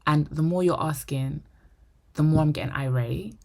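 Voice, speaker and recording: A young woman vlogger telling a personal story to camera, animated and acting out the dialogue. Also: sits low, normal speed, creaky. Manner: animated, acts out quoted dialogue; drops to a whisper for inner thoughts. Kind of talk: storytime monologue.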